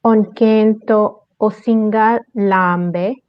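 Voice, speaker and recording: Slow-reading woman on a lo-fi call. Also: mid-range voice, fairly even intonation, clear, resonant tone, dry recording. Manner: reads slowly, adds translations. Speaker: student. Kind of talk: reading sentences in a class. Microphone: online call microphone. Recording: dull, dry lo-fi call audio.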